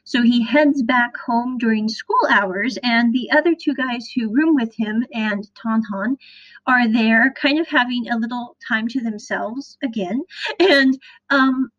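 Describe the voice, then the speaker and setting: A chatty woman from the Midwest recaps a series on her podcast, retelling scenes in an animated way. Her voice sits a little high. The recording is dull and lo-fi. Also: a little slow. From American Midwest. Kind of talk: casual recap monologue.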